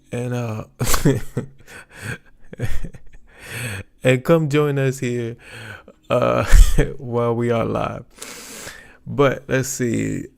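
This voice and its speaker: Slow, gravelly-voiced man chatting. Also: mid-range voice, a little mellow. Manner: rambling, chatty, searches for words with many ums. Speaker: YouTube livestream host. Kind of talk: casual livestream chat.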